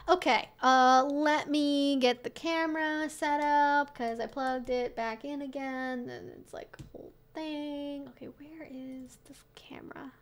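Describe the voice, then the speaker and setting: A woman's voice: high voice, steady tone, takes it slowly, few pauses. A young woman hosting a casual livestream Q&A, chatty with lots of fillers and sarcastic asides. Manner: soft baby talk to her dog. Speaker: streamer hosting a weekly Q&A.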